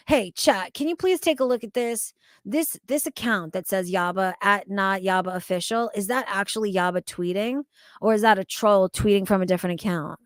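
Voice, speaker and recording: Loud and profane, a woman with a medium-pitched voice streams casually and talks to her chat, swearing freely and laughing often. There's no echo on the recording.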